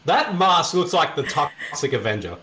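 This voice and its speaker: A man chatting casually with friends while watching a movie, giving animated, exclamatory commentary. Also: on the high side, normal speed, heavy background noise. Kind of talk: casual group chat over a movie.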